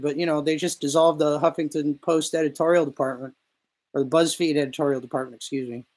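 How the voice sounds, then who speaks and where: Husky-voiced man telling a profane story. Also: fairly high pitch, fairly even intonation, brisk, poor audio. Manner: profane, rambling anecdote-teller. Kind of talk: casual storytelling chat.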